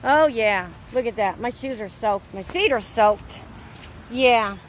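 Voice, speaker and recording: A woman's voice: on the high side, lively intonation, takes it slowly, slight background noise. Upset woman filming her flooded yard. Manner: upset and exasperated, repeating "look". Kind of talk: phone video walk-through, complaining. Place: outdoors in a flooded, rainy back yard. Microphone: handheld phone.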